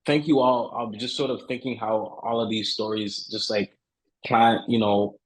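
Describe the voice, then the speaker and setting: A man's voice: on the low side, steady tone, normal speed, poor audio. A man hosting an online panel, chatting loosely with fillers, then reading a formal closing. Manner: casual with fillers, then formal read-out outro. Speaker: host. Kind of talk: panel moderation and scripted closing.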